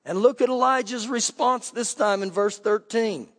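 A high-pitched man preaches a sermon, his voice ringing with a long hall reverb. He reads scripture and then drives his point home with sudden emphatic lifts in pitch. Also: moderate pace, a bit bright. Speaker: pastor.

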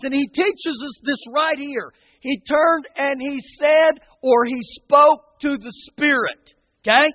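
A man's voice: extremely high pitch, no echo, long reverb tail, lo-fi sound. A man preaching a sermon as pastor, talking to the congregation in a conversational way and often checking in with "okay?" and "guys".

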